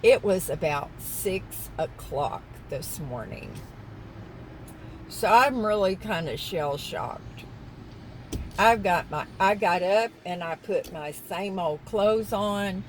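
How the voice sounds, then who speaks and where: A woman's voice: mid-range voice, animated, slow, slight background noise, poor audio. A woman vlogger rambling casually from her parked car and getting sidetracked mid-story. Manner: chatty, wandering, easily sidetracked. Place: parked car in a parking lot.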